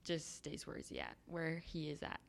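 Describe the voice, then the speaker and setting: A woman playing a tabletop game, quietly describing her character's actions. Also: deep voice, wildly swooping pitch, moderate pace, creaky. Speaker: player. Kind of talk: casual tabletop play.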